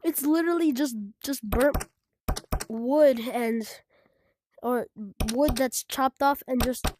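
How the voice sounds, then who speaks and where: A woman's voice: high voice, slow pace, background noise. A woman walking through a game she made, thinking aloud, trailing off and restarting her sentences, often dropping to a murmur. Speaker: game developer showing her own game. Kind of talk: casual game walkthrough commentary. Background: loud background music.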